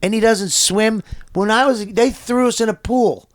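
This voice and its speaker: A middle-aged man with a Boston accent, a comedian guest telling profane, animated stories in casual podcast chat. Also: high voice, moderate pace, no room sound, studio quality. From Boston area. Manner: profane, animated storytelling with acted-out quotes. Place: podcast studio.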